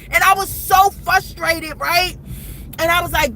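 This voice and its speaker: High-pitched woman vlogger with a sharp, bright voice, ranting urgently to her viewers with a faint hiss behind her. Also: measured pace, poor audio. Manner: repetitive, urgent, addresses viewers as guys. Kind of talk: emotional commentary to camera.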